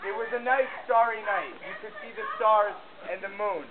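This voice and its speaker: A man telling a mock-heroic tall tale for a contest, in a deadpan, boastful way. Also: high-pitched, normal speed, a crowd in the background. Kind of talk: mock-heroic storytelling performance. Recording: tinny lo-fi camcorder audio with hiss.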